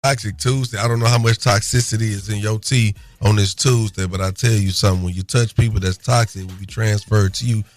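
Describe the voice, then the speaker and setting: A man's voice: on the low side, steady tone, brisk, few pauses, dry recording. A man hosting a morning radio show, talking in a laid-back, joking drawl. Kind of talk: casual radio banter.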